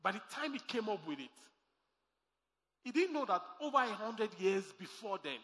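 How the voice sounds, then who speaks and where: A man's voice: high voice, sing-song, normal speed, a bit bright. A man preaching a sermon as pastor, emphatic and repeating his key lines. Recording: echoey hall with faint music.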